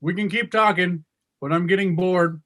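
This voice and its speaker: A man's voice: high voice, moderate pace, a bit bright. A man acting as judge in a comedic mock trial, cutting in with exasperation to keep order.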